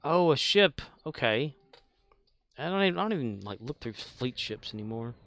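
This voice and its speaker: A man's voice: medium pitch, big pitch swings, normal speed, a bit bright, a little hiss or hum. A man casually chatting while he streams a space game, laughing often and answering his chat.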